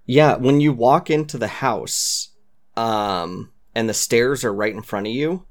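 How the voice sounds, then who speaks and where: A man in casual podcast chat, talking earnestly about a game with fillers and soft asides. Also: mid-range voice, measured pace. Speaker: podcast co-host.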